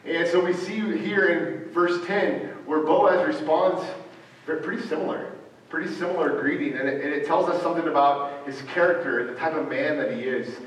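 A man preaching a sermon, halting, with frequent fillers and restarts. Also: on the high side. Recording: echoey hall from far off, faint ambient noise.

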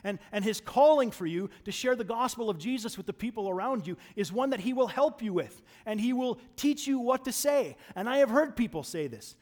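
A man preaching a sermon in a conversational way, often restarting and repeating words, and moving between raised emphasis and quiet asides. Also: very high voice, animated, brisk, few pauses.

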